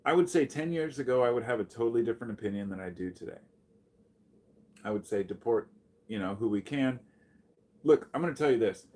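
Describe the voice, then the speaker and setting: A man's voice: mid-range voice, a little fast, pauses often. A man talking bluntly and profanely on a casual livestream, reading and answering his chat. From United States. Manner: blunt, profane, animated when greeting chatters. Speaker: live streamer.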